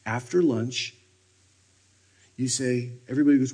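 A husky-voiced man preaching at a retreat. His delivery is animated and swings from loud, energetic bursts down to hushed near-whispers. His pitch sits in a middle range. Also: moderate pace, pauses often. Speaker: retreat speaker. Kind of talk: sermon. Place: retreat meeting room.

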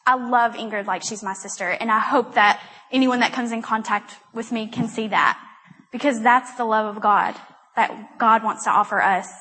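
Young woman rambling thru a church testimony, kinda high and husky, jokes at herself, long hall echo. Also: fairly even intonation, sharp tone. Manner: chatty, rambling, self-deprecating and quick to laugh. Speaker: speaker at a church gathering. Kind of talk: personal testimony talk.

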